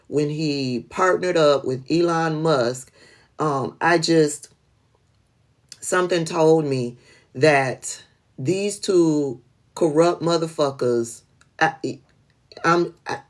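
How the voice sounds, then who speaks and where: A woman hosts a political livestream in a slow, unhurried way, speaking. She is blunt and profane and laughs often while talking to her viewers by name. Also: sits low. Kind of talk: casual livestream commentary.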